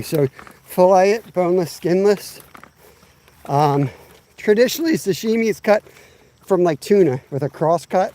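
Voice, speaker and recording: Here a fishing livestream host in his fifties talks outdoors by the water in a high voice with a dark tone. His casual chat wanders and is full of self-mockery, and it's recorded through a camera on a tripod.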